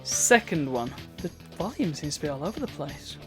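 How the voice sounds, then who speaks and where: A man's voice: on the high side, sing-song, moderate pace, fairly bright tone, faint music behind. A man giving chatty, wry commentary while streaming a video game. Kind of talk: casual gameplay commentary.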